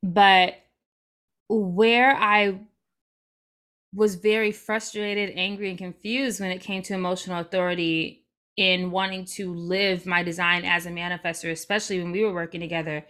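A woman's voice: fairly low pitch, little pitch movement, moderate pace, a bit bright, clean tone. A young adult woman speaking as a guest in a casual interview, reflective and open, with light laughs as she talks.

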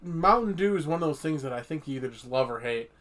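A man from Michigan co-hosting a podcast, chatting casually with frequent swearing and animated outbursts. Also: a little high, quick pace. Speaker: podcast co-host. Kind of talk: casual chat.

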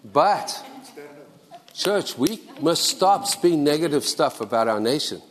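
A man's voice: fairly high pitch, sing-song, unhurried, a bit bright, big-room sound. A man preaching a sermon as pastor, earnest and exhorting, repeating key phrases for emphasis. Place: church sanctuary.

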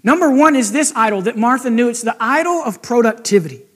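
A pastor preaching a conversational sermon and asking the congregation direct questions. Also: male voice, extremely high pitch, animated, quick pace. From United States.

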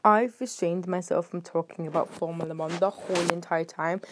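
A woman's voice: on the low side, fairly even intonation, normal speed, a little hiss or hum. Chatty rambling British girl podcaster. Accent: British English. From Britain. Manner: chatty, rambling and sarcastic, with sudden jumps in loudness. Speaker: podcast host. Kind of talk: casual solo podcast chat.

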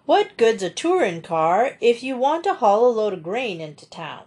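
A woman putting on a slow, drawling old farmer. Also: a little high, sing-song, a little mellow, husky. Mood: stubborn. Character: deaf lanky old male farmer, slow and stubborn.

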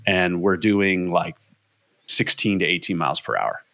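A man, a podcast guest, telling a race story in casual chat with excited energy and free swearing. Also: low-pitched, a little slow, gravelly, no echo.

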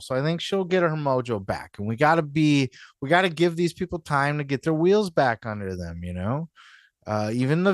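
A man's voice: medium pitch, a bit bright, no room sound, clean studio sound. A man hosting a podcast in a casual, rambling rant, swearing freely and often asking whether you follow. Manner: profane, rambling, keeps asking "you know what I mean". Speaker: podcast host.

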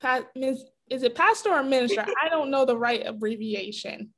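A woman's voice: high voice, moderate pace, fairly bright tone. A woman podcast host who is upbeat and giggly as she closes an interview and reads her outro. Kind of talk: casual interview chat and outro.

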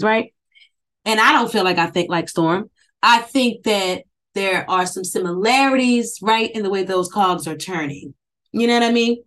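Speaking into a phone mic held close, a woman with a medium-pitched, slightly bright voice rambles casually through her podcast. She swears plenty, digresses freely, and talks right to her audience.

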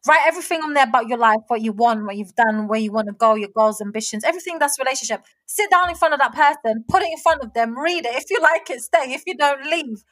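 A woman in her thirties chatting casually with a high, bright voice. She tells her stories with animated indignation. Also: fast talker, hardly any pauses. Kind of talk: casual chat.

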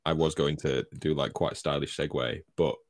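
A man's voice: rumbling low, steady tone, fairly quick. A man guest-hosting a podcast, chatting casually and teasing his friends. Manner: teasing, joking. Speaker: guest host. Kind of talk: casual chat.

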